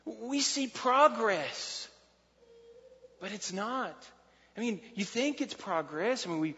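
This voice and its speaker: High-voiced preacher in an echoing hall. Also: male voice, fairly bright tone. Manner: folksy, conversational preaching with asides and restarts. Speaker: pastor. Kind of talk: sermon. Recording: dull, lo-fi sound with long hall reverb.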